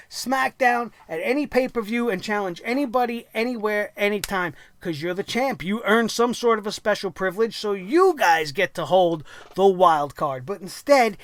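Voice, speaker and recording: A man's voice: high-pitched, expressive, moderate pace, no room sound, studio quality. A man hosting a wrestling review show, ranting angrily and sarcastically with lots of profanity.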